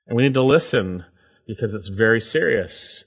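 A man preaching a sermon and reading scripture aloud, with emphatic swings in pitch and loudness. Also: expressive, normal speed, vocal fry, husky, dull audio. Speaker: pastor.

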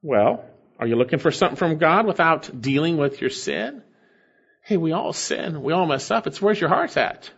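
A man preaching a sermon as pastor, earnest, swinging between emphatic peaks and low, quiet stretches. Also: expressive, moderate pace, gravelly, husky, muffled recording.

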